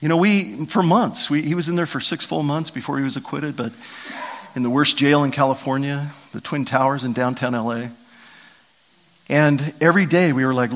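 Pastor type, middle-aged man, slightly high voice, preaches with lively storytelling swings. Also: moderate pace. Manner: animated, storytelling, lively emphasis and dramatic vocal swings. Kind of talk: sermon.

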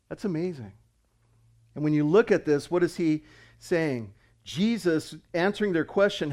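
A middle-aged man preaching a sermon, moving between quiet, reflective passages and loud, emphatic preaching. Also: on the high side. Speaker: pastor.

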